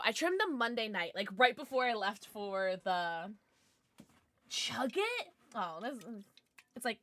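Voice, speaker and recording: A bubbly young woman chatting on a livestream from her home setup into a desk mic. Her voice sits a little high and swoops all over as she jokes, squeals, and gasps at new followers. The banter sounds playful and slightly tipsy. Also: fairly bright tone, no room sound. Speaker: streamer. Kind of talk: casual livestream chat with viewers.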